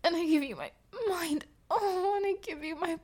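A woman playing a breathy, flustered young streamer. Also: extremely high pitch, a little mellow. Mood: breathless.

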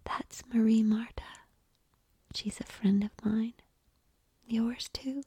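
A woman's voice: fairly high pitch, fairly even intonation, a little slow, vocal fry, mellow, no room sound. A woman voicing a bold, playful young woman, in a blunt, teasing, whispered role-play.

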